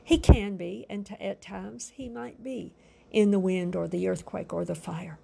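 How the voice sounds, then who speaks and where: A woman preaching a sermon with fervent emphasis, drawn-out phrases and soft asides. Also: mid-range voice, fairly even intonation, gravelly, husky.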